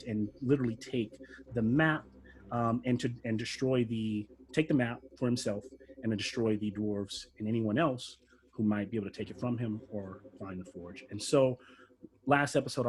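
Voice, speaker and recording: A man narrating a tabletop game as game master over a video call, halting with many fillers and restarts. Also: fairly low pitch, darkish tone, slight background noise.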